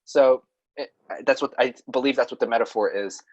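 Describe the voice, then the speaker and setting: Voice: medium pitch, fairly quick. Chatty podcast cohost rambling about writing, restarts a lot, kinda muffled lo-fi audio. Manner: rambling, restarts sentences, laughs at self. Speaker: podcast co-host. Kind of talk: casual chat about writing.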